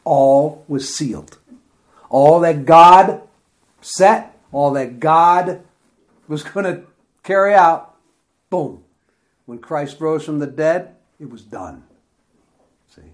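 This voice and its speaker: A man leads a relaxed Bible study, reading verses and retelling them with eager, chatty enthusiasm and frequent laughs. He speaks slowly and unhurriedly, stretching his phrases out. His voice sits a little higher than most men's. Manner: enthusiastic, chatty, laughs often, slow and drawn out. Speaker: Bible teacher. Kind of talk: informal Bible study talk.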